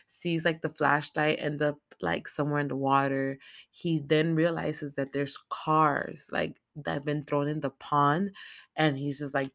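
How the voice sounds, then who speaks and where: Swearing nonstop and using heavy slang, this commentator recaps a movie's story animatedly, voicing the characters' quoted lines. The mid-range voice moves at normal speed, and the recording is dry, clean studio sound.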